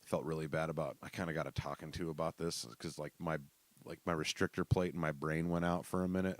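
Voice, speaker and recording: A man's voice: very deep voice, no room sound. A man hosting a podcast, casually telling profane, joking work stories. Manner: profane, joking, laughing asides. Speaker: podcast host. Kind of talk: casual storytelling.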